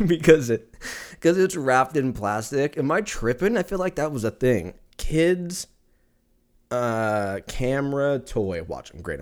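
A man hosting his own podcast, chatting casually in a rambling, profane way and laughing often as he goes. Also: on the low side. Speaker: podcast host. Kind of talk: casual solo podcast rant. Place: lives in Texas.

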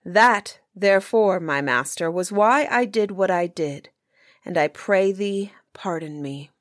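A woman's voice: mid-range voice, lively intonation, measured pace, no echo, clean studio sound, lightly acted. A woman reading the lines of a loyal male huntsman servant in earnest, formal old-fashioned speech.

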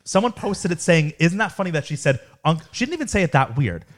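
A young man chats with his family and retells a story, slipping into voices when he quotes people. His voice sits a little high and swings widely in pitch. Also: fast. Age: young adult. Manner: animated storyteller, quotes others in put-on voices. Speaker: family member in a podcast chat. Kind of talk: casual chat.

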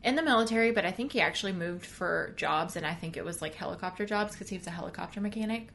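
A young woman from Texas, co-hosting a podcast in casual, excitable chat, laughing and swearing freely. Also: lowish voice, quick pace, gravelly, a little hiss or hum. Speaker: podcast co-host.

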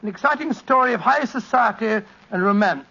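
A man's voice: high-pitched, expressive, a little fast, pushed and bright, husky, full character voice. An actor playing a bluff, loyal older male doctor who talks in a blustery, earnest way, in 1940s radio acting. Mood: genial. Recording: muffled 1940s radio recording.

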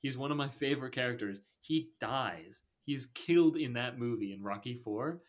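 A man's voice: medium pitch, animated, moderate pace. Rambling laid-back male podcast host. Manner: rambling, filler-heavy, laughs often. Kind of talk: casual chat.

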